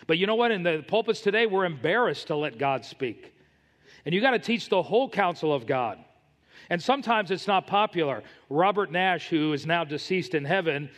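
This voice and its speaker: A man's voice: high voice, a bit bright, in a large hall. A man preaching a sermon as pastor, emphatic and telling stories to make his points.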